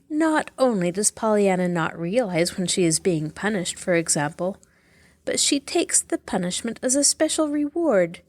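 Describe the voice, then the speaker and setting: A woman narrating a classic story as host, her reading expressive and measured. Her pitch moves with lively rises and falls. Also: no room sound, clean studio sound.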